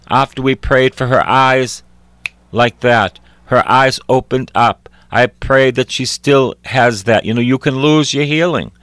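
A man preaching a sermon, reading scripture and acting out its voices, repeating phrases for emphasis. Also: dry recording. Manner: acts out voices in scripture, crying out high and loud.

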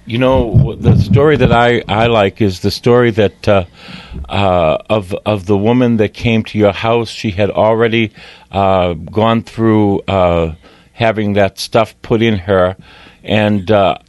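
A priest hosts a radio show in a low voice. He talks haltingly and pauses often, and the studio sound is dry and close. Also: steady tone, darkish tone, dry recording. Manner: halting, hesitant. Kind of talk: casual radio talk.

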